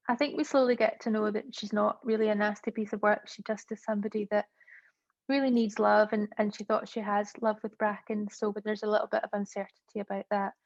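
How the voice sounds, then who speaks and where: A woman, the author, talks about her novel at a launch event in a chatty way full of fillers. Her voice stays flat and even. The sound is dull, lo-fi, and dry. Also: medium pitch, dry recording.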